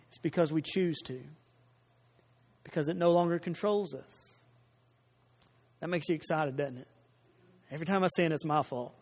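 A man with a notably high voice delivers a sermon to his congregation. He is earnest, circling back to key phrases and putting questions to the room. His voice rings out with a long reverberation in the church hall. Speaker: pastor.

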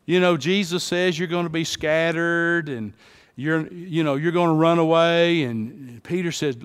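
A man preaching a sermon as a pastor, dropping to hushed lines and then rising to emphatic calls to the congregation. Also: on the high side, unhurried, smooth. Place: church sanctuary. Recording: long hall reverb.

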